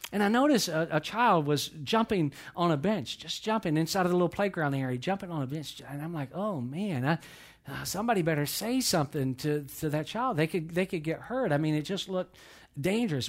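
A pastor preaching a sermon, telling a story and swinging between loud emphasis and near whispers, often repeating phrases. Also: male voice, on the high side.

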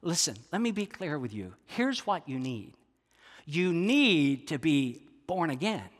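A man preaching a sermon voices a calm, authoritative Jesus who explains things patiently and slowly. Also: high-pitched, in a large hall. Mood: earnest.

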